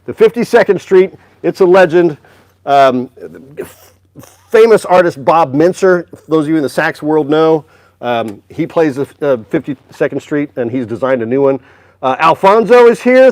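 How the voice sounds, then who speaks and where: A man's voice: fairly high pitch, a little mellow, dry recording. A man hosting a casual music store livestream, upbeat and chatty, greeting viewers by name.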